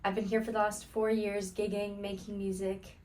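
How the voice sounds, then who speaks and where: Brief: woman from Israel, singer introducing herself, mid pitch, off-mic. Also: little pitch movement, normal speed, a little mellow, far from the mic, slight background noise. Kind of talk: short spoken introduction.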